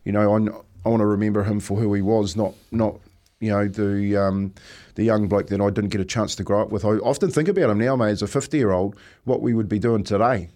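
Kiwi radio host, easygoing storyteller. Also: male voice, lowish voice, fairly even intonation, brisk, dark tone. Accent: New Zealand. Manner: reflective storyteller, says "mate" often, chuckles. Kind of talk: casual radio chat.

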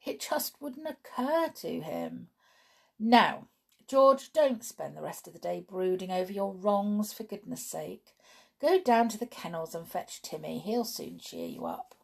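A woman voicing a gentle, sensible young girl who speaks in a coaxing, reasonable way. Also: mid-range voice, animated, unhurried, vocal fry, slightly rough, heavily acted. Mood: sympathetic.

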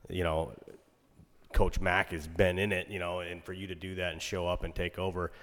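A man speaking earnestly and warmly to a friend in a casual podcast chat. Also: deep voice, little pitch movement, normal speed, long reverb tail, a little hiss or hum. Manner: earnest, heartfelt.

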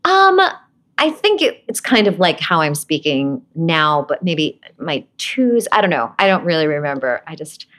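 A woman's voice: low voice, big pitch swings, normal speed, a bit bright. A woman in her forties from Brooklyn, an actress chatting as an interview guest, rambling with asides and laughing often. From Brooklyn, USA. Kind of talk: casual interview chat.

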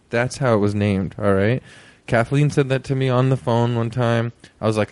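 A man's voice: medium pitch, animated, moderate pace, few pauses, darkish tone, clear, resonant tone, no room sound. A man hosting a podcast, introducing the episode in a rambling, joking way with many fillers. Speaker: podcast host.

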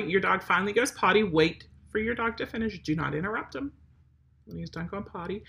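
This is instructional talk from a woman dog trainer explaining dog potty training in a direct, chatty way to the viewer. She speaks a little fast in a mid-range voice that sounds creaky, bright, and forceful.

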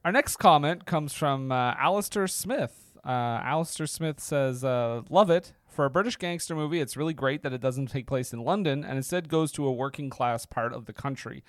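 A man's voice: medium pitch, moderate pace, hardly any pauses, no room sound. A man co-hosting a film podcast, making dry jokes and reading listener comments. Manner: wry, dry humor, reads listener comments. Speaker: podcast co-host. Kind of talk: casual film podcast chat.

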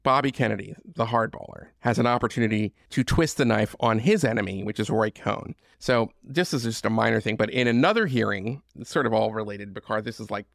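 A man's voice: fairly low pitch, a little fast, vocal fry, few pauses, a bit bright, no echo, clean studio sound. A man hosting a podcast, telling history in a conversational monologue with frequent asides and fillers. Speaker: podcast host.

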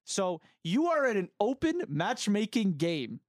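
Ranting young man, higher voice. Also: very animated, measured pace, dry recording, studio quality. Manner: heated, ranting, swears freely. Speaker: podcast co-host. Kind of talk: casual gaming podcast chat.

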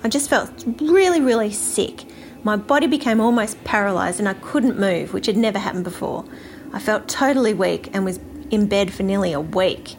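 A woman's voice: mid-range voice, moderate pace. A woman in her forties speaks with an Australian accent as she recounts an odd childhood experience in an earnest storytelling manner. A faint hiss of background noise sits under her voice. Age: 40s. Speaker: listener sending in a story. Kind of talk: recorded personal story.

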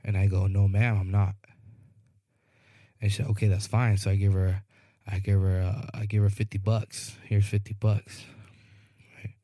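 A man's voice: on the low side, flat delivery, normal speed, long pauses, dark tone, dry recording, studio quality. A man co-hosting a podcast, telling a long rambling story in casual chat, often asking "you know what I mean" and acting out the people in it. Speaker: podcast co-host.

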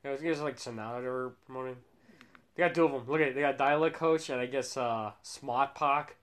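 A man's voice: mid-range voice, fast talker. A man hosting a laid-back chat about commercials, with loose, trailing sentences. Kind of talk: casual chat reviewing ads.

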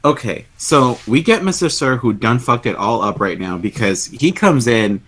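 A man's voice: medium pitch, lively intonation, moderate pace, a bit bright. A man co-hosting a casual chat, playfully retelling film scenes and acting out the characters' lines. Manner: playful, acts out characters in quotes, swears freely. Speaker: podcast co-host. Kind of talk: casual movie recap chat.

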